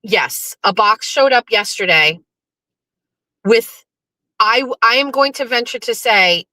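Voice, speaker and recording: Bright-voiced chatty woman host. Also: on the high side, expressive, takes it slowly, dry recording. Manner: chatty, swears, talks back to the chat. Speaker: livestream show host. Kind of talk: casual chat to live viewers.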